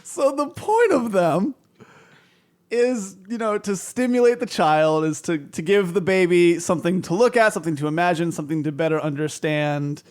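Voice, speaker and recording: A man's voice: sits high, normal speed, a little mellow. A man co-hosting a comedy podcast, rambling and laughing through casual banter. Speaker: podcast co-host.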